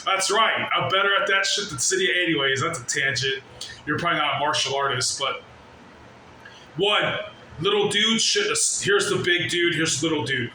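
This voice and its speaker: A man's voice: on the high side, moderate pace, pushed and bright. A man ranting in a brash, constantly swearing way in a reaction video, drifting off on tangents. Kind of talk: profane rambling reaction rant. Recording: very echoey room, slight noise.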